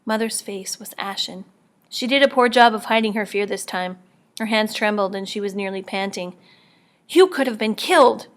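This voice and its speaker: Quiet, measured woman reading aloud. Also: medium pitch, steady tone. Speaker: audiobook reader. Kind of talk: first-person audiobook narration.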